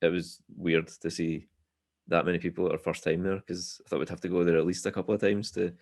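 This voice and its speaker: A Scottish man chatting as a podcast guest, telling relaxed, self-deprecating stories. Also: deep voice, quick pace. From Scotland. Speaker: guest musician. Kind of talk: casual podcast chat.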